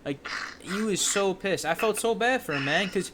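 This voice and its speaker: A man's voice: sits high, moderate pace. Casual young man, faint hiss. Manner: relaxed, filler-heavy, lots of "you know". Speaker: livestream day-trading host. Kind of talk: casual chat. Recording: faint background noise.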